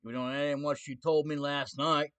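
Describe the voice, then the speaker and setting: A man's voice: fairly high pitch, level tone, normal speed, a bit bright, clear, resonant tone. A man ranting on his own stream in a casual way, sarcastic, defiant and mocking.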